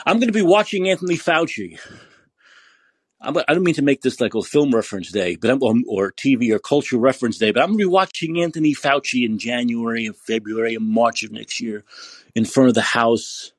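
A man hosting a podcast who rants angrily and curses, repeating himself for emphasis in a husky voice. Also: medium pitch, animated, a little fast, no echo. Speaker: podcast host. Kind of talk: angry political rant.

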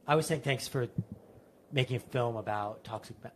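A man's voice: mid-range voice, normal speed, a crowd in the background. A man in an improvised comedy chat, talking in a dry, mock-sincere way.

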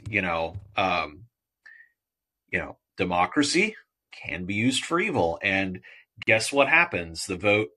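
A male podcast host who talks alone, rambling through book picks and slipping into character voices as he retells the stories. His voice sits on the low side, but the tone is bright and forward. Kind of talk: solo podcast talk about children's books.

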